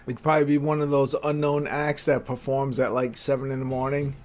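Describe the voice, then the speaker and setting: A man hosting a casual talk show, asking his guest relaxed questions. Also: medium pitch, fairly quick. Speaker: host. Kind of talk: casual chat.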